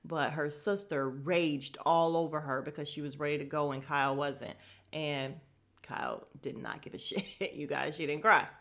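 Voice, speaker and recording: A woman's voice: low voice, normal speed. Sassy woman recapping reality TV. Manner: animated, sassy, mocks people's quotes in put-on voices. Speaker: podcast host. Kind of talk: casual TV recap commentary.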